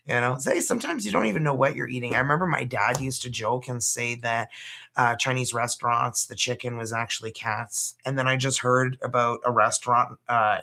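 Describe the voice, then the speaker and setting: A Canadian tarot reader hosts a casual livestream in a very deep voice with vocal fry and a sharp tone. She's chatty and loose, swearing and laughing as she goes.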